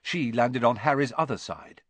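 A man reading a story aloud in an animated, dramatic way. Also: medium pitch, moderate pace, no echo. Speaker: narrator.

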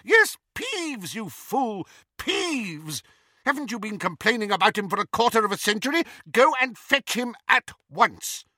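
A man's voice: high voice, sing-song, normal speed, sharp tone, dry recording, clean studio sound, voice pushed up, heavily acted. A man voicing a stern, commanding older female witch with a clipped, authoritative manner in a storybook reading. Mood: exasperated.

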